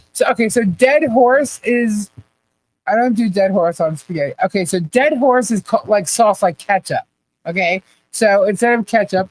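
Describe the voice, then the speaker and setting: Lady on a live chat, talks slow, laughs a lot, keeps asking confused questions. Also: a little high, poor audio. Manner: laughs often, baffled questions, repeats herself. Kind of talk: casual live chat reading comments.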